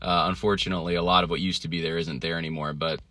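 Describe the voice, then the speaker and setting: Podcast host, male, low and bright, dry close sound, rambling chatty delivery. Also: flat delivery, racing, no echo. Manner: rambling, many fillers and restarts. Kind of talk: casual podcast monologue. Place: traveling, indoors.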